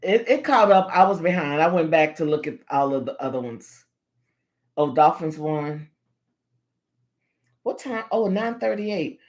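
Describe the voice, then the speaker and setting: Woman, livestream host, casual chat, lively swooping pitch, playful, laughs a lot. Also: a little slow, pauses often. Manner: animated, laughs often, playful teasing.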